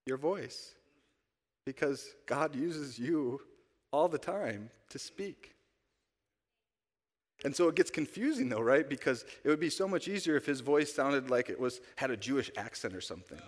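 A male pastor giving a conversational sermon, asking the congregation rhetorical questions. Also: mid-range voice. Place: church sanctuary. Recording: long church-hall reverb.

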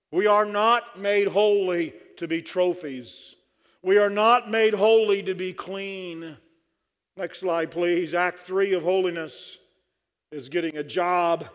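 A man's voice: high voice, steady tone, slow pace, fairly bright tone. A man preaching a sermon at a conference, fervent and dry-humored. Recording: long hall reverb.

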